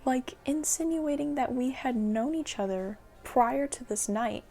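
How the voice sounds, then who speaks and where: Gravelly young woman telling a story. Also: high voice, unhurried. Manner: animated, laughing, whispered asides. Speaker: storytime vlogger. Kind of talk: casual storytelling.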